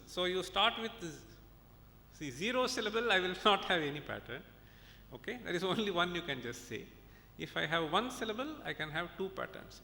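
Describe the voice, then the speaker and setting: Man lecturing in an echoey hall. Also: bright, forceful tone. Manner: explanatory, checks in with the audience often. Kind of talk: academic conference lecture. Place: conference hall. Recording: echoey hall with faint rumble.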